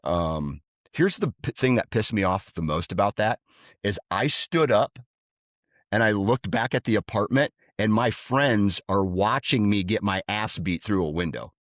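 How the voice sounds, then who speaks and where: Man, podcast co-host, casual storytelling, low voice, animated quoting, dry studio sound. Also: a little slow, no room sound. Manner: animated, acts out quotes in a raised voice.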